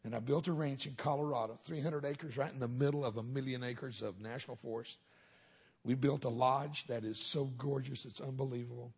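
Gravelly preacher man telling stories. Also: mid-range voice, fairly even intonation, a little fast. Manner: folksy storytelling with punchlines. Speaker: minister. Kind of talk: humorous testimony sermon.

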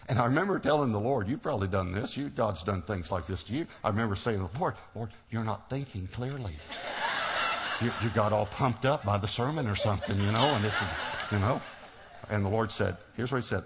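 A middle-aged preacher with a fairly low voice tells a personal story from the pulpit. He acts out each exchange and laughs as he goes. The delivery is lively storytelling rather than a lecture. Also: fairly quick. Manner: animated storyteller, acts out dialogue, laughs often. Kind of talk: sermon storytelling.

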